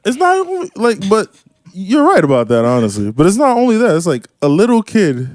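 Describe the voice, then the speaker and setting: A man with a New York accent, co-hosting a casual podcast chat and talking in an animated, exclaiming way. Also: high-pitched, brisk, dry recording, clean studio sound. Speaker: podcast co-host.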